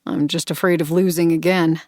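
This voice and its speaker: A woman reading the part of a charming but edgy young man in an audiobook, smooth and then suddenly intense. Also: low voice, fairly even intonation, a little fast, darkish tone, no room sound, close to an everyday voice.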